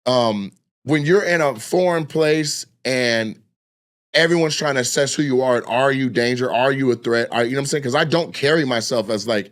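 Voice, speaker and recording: A young adult man from Washington state, a comedian hosting a casual chat, telling stories with profane, animated outbursts and acted-out voices. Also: medium pitch, normal speed. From Washington state, USA. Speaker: comedian podcast host.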